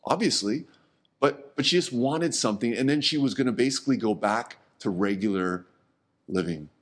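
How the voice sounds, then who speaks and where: A middle-aged man preaching a sermon in a conversational way, often repeating words and dropping low and soft on key words. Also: expressive, normal speed. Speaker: pastor.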